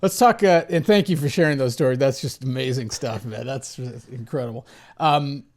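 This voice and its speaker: A man hosting a casual interview who keeps encouraging his guest with quick affirmations and easy follow-up questions. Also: mid-range voice. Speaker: interview host.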